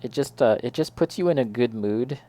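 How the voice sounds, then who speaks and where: A man's voice: mid-range voice, expressive, a little fast, mellow. Chatty man building a model kit. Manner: chatty, talks directly to a friend in chat, laughs often. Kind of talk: casual chat while building.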